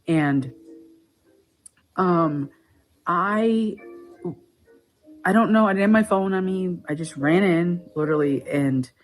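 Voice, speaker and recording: A woman's voice: lowish voice, takes it slowly, long pauses, faint music behind. A woman vlogger ranting casually to the camera, agitated as she retells her arguments.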